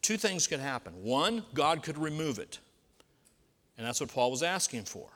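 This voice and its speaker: A man's voice: fairly high pitch, big pitch swings, normal speed, fairly bright tone, in a large hall. A pastor preaching a sermon in a conversational way, asking his listeners rhetorical questions.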